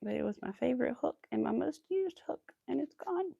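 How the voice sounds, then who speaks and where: A woman's voice: sits high, animated, a little fast, gravelly, warm tone, breathy edge, no echo, highs cut off. A young woman with a Southern US accent chatting casually while she crochets on a livestream, rambling and laughing often.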